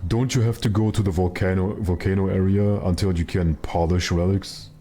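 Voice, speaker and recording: A man with a very low, mellow voice chats through a live game stream. He rambles wryly and pokes fun at himself between plays, and faint game music runs quietly behind him. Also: steady tone, moderate pace. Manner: chatty, wry, self-mocking asides. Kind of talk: casual live gameplay commentary.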